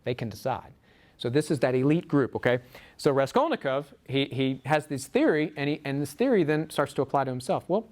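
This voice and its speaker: A man giving a lecture to a small group, animated, acting out quotes from the book. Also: mid-range voice, brisk. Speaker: speaker. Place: room with a small audience. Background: audience laughter.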